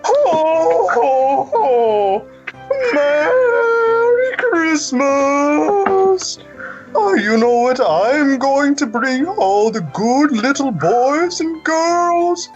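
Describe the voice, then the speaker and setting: A woman putting on a jolly old Santa Claus voice, with drawn-out ho-ho-hos, on a muffled lo-fi recording. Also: very animated, music in the background, heavily acted. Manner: drawn-out booming ho-ho-hos in a put-on voice. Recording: muffled lo-fi podcast audio.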